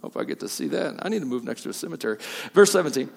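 A male pastor preaching a sermon, moving from quiet asides to loud, emphatic peaks. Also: fairly high pitch, very animated, fast, vocal fry, long reverb tail.

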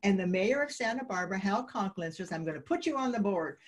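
Husky-voiced woman telling lively stories. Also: mid-range voice, quick pace. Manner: lively anecdotes, acting out quoted dialogue. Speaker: guest, peace advocate. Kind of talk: interview storytelling.

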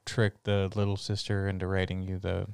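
A man's voice: low-pitched, monotone, normal speed, gravelly, darkish tone, smooth, no room sound. A man co-hosting an anime podcast in casual chat, laid-back and teasing, mostly giving short replies. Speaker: podcast co-host.

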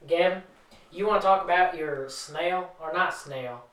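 A man's voice: sits high, unhurried, distant mic. A man from the American South co-hosting a podcast in casual chat, teasing and joking with his friends and laughing often. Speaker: podcast co-host. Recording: roomy, off-mic, crowd noise.

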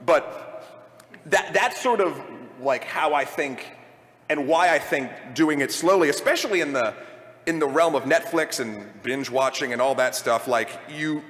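Rambling eager panelist in a hall. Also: male voice, fairly high pitch, unhurried, fairly bright tone. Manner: enthusiastic, rambling with many restarts. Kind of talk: live panel discussion. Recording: hall reverb from a live stage.

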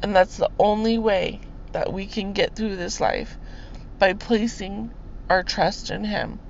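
A woman's voice: medium pitch, fairly even intonation, measured pace, creaky. A young woman hosting a podcast, giving an earnest, preachy faith testimony and growing tearful at times. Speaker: podcast host sharing her testimony. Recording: slightly dull lo-fi sound with faint hiss.

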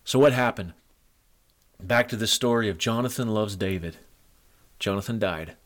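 A man's voice: lowish voice, normal speed, fairly bright tone. A middle-aged man preaching a sermon to men, earnest and moved, retelling stories with feeling. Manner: emotional, earnest storytelling.

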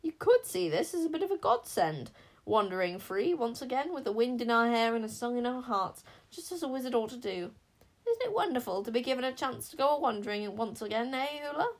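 A woman's voice: on the high side, animated, brisk, voice pushed up. A woman reading an audiobook, voicing a kindly, eccentric older female wizard who tuts and cheers. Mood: cheerful. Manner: warm-hearted, fussy, enthusiastic. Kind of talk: audiobook character voice.

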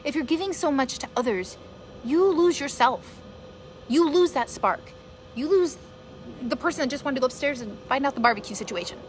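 A woman's voice: sits high, animated, moderate pace. Earnest woman giving a pep talk. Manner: earnest, rambling, encouraging, speaks straight to listeners. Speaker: podcast host and mother. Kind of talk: casual motivational monologue from a live stream.

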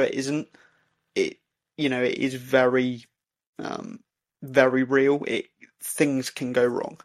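A man, a podcast co-host, telling a story in casual chat, halting with many fillers and restarts. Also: medium pitch, fairly even intonation. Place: indoor recording for podcast.

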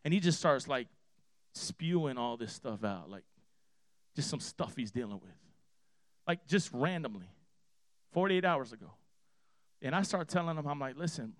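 A man preaching a sermon in a church, telling a personal story with emphatic repeated phrases, swinging from hushed to loud. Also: mid-range voice, expressive, moderate pace, pauses often, no echo, clean studio sound. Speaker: pastor.

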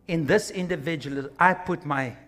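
This male pastor speaks on the high side at a moderate pace, with soft music in the background. Animated throughout, he urges his congregation on, asks for amens, and drops into quoted voices.

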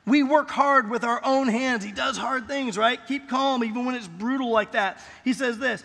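High-voiced pastor preaching in a reverberant hall. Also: male voice, creaky, fairly bright tone. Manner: emphatic, slows and rises on key phrases. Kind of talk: sermon.

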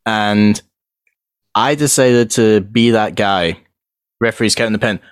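A young man co-hosting a casual chat, telling lively stories and acting out voices. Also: fairly low pitch, a little slow, smooth, dry recording, clean studio sound. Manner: animated storyteller who acts out voices and yells. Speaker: podcast co-host.

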